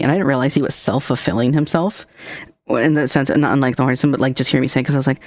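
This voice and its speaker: A streamer talks casually and with eager enthusiasm, dropping curses freely. The voice sits at a middling pitch. The sound is close and dry, with no room sound. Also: fairly even intonation, dry recording. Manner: enthusiastic, swears, drawn-out delivery. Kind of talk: casual chat.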